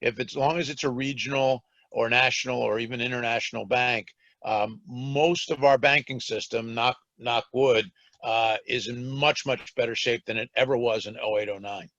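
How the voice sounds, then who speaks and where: A man's voice: medium pitch, fairly even intonation, normal speed, a bit bright, dry recording, highs cut off. A man on a banking panel, speaking cautiously and qualifying his points with many fillers, heard over a remote-call connection. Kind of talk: panel discussion on a video call.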